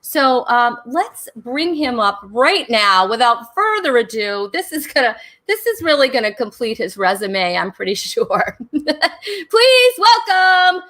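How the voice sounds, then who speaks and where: A woman's voice: on the high side, lively intonation, a little slow, few pauses, bright, forceful tone. Bubbly, chatty woman hosting a show. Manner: bubbly, chatty, giggly, with frequent restarts. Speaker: talk show host. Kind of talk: live online comedy talk show hosting. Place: home in Rhode Island during a thunderstorm.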